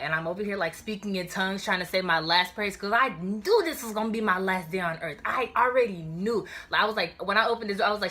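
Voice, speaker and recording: A young woman telling a storytime vlog in an animated, slangy way, talking straight to her viewers. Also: medium pitch, fast, few pauses. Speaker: vlogger.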